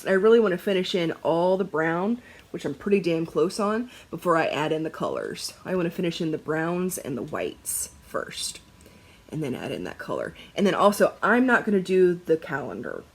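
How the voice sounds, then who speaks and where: Lively husky woman vlogging. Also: lowish voice. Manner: animated, laughs often, swears casually. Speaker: cross-stitch vlogger. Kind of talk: casual chatty vlog.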